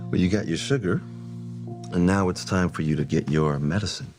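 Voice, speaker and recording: Actor as a tired, guarded husband, deep and hesitant, soap clip with music beneath. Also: male voice, moderate pace, lightly acted. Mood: subdued. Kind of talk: soap opera acting.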